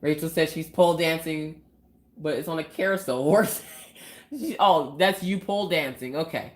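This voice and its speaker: A chatty young woman hosting a casual craft live stream, her voice sitting low for a woman. She giggles a lot and bounces into quoted voices while she tells her stories. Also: moderate pace. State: recovering from a cold. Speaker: livestream host.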